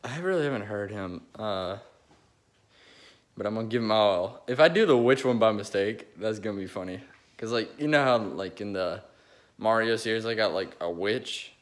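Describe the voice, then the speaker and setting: Young man, low-ish voice, rambling amateur impressionist, phone recording. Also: animated, moderate pace. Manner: rambling, restarts often, eager. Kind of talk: casual chat between impressions.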